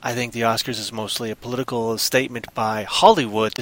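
A man's voice: mid-range voice, fairly quick, few pauses, a bit bright, dry recording. A man in casual chat as a podcast co-host, rambling and joking, often slipping into silly put-on voices.

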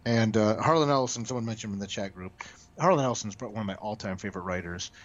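A man's voice: fairly low pitch, fast. A man, a comic book writer, telling stories in a casual interview, talking animatedly with frequent restarts and stammered repeats. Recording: dull lo-fi audio.

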